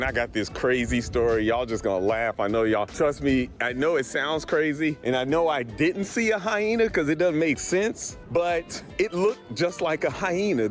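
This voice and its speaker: A middle-aged man from Colorado, an appraiser telling a story to camera in a casual, animated way and laughing along as he goes. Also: a little high. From Colorado, USA. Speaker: real estate appraiser.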